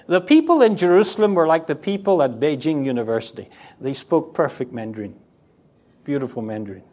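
A male preacher with a high-pitched voice delivers a lively sermon. He leaps up and down in pitch as he acts out the voices of the people he describes. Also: brisk. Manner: animated, acts out quoted voices with sharp pitch swings.

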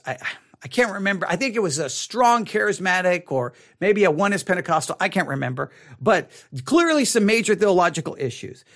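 A man who is a pastor, teaching a Bible study in an animated way, often repeating and restarting his words. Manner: animated, acts out quoted people with rising pitch.

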